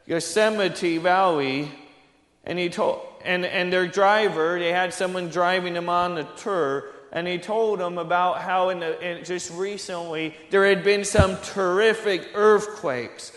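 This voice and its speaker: A man preaching a sermon, slow and earnest, building to emphatic high peaks. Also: fairly bright tone, roomy sound, big-room sound.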